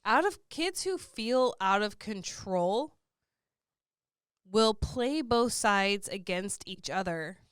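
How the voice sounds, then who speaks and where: A woman with a very smooth, clear voice co-hosts a family podcast in a relaxed, explanatory way. She sprinkles in fillers as she works through her points. The recording is close and dry, at mid pitch. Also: slow, dry recording. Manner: conversational, explanatory, uses many fillers. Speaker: podcast co-host and coach. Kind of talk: casual podcast conversation.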